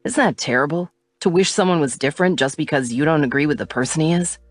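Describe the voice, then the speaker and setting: A playful young man who teases his old friend, as a woman narrator voices him in an audiobook. Low, light and close to the mic, with faint music behind. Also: fast talker, dry recording. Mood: teasing.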